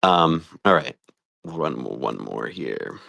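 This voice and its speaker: A man's voice: extremely low pitch, very animated, slow, vocal fry, bright, forceful tone, no echo. A man playing a tabletop game, rambling and laughing as he describes his moves. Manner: rambling, laughing between thoughts. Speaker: player.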